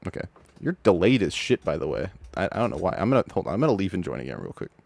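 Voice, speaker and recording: A man hosting a live stream, chatting casually with viewers, excitable and stammering, swearing freely. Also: low voice, rapid-fire, vocal fry, no room sound. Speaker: streamer host judging videos.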